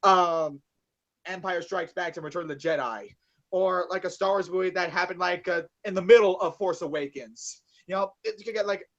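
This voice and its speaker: A man's voice: sits high, moderate pace, fairly bright tone, lo-fi sound. A man co-hosting a casual podcast about movies, rambling with many fillers and swearing. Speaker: podcast co-host.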